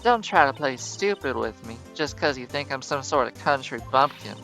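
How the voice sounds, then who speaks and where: A streamer voicing a brash, loud young Southern woman photographer with an American Southern drawl, folksy and scolding. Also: medium pitch, animated, normal speed, soft background music. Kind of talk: visual novel voice reading.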